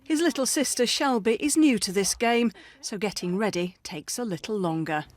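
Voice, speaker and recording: A woman reporter reading a scripted news report in a measured, clear way. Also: fairly high pitch.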